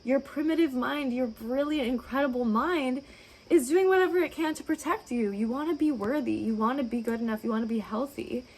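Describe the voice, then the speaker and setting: Woman dietitian talking to camera, kinda high voice, super reassuring, lots of "right?" questions. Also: brisk, darkish tone, low-quality recording. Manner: encouraging, reassuring, full of rhetorical questions. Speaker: registered dietitian. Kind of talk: direct-to-camera advice talk.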